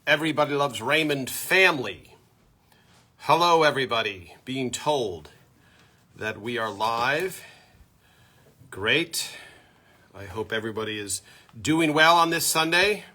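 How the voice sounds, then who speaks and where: A chatty man hosts a live stream from home, loudly greeting viewers by name. His voice is bright and forceful at a middle pitch. It comes through a plain built-in computer mic. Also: expressive, measured pace, long pauses. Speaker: host of a live fan show.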